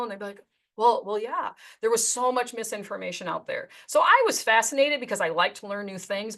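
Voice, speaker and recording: A woman coaching insurance agents, telling client stories and acting out both sides of the conversation. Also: mid-range voice. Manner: animated, acts out client dialogue. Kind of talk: storytelling to agents.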